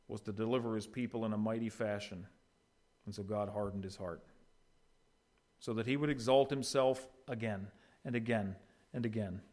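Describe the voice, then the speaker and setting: A man preaching an expository sermon as pastor, swinging between quiet, low passages and loud, raised ones. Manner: swings from quiet to loud, acting out quoted voices.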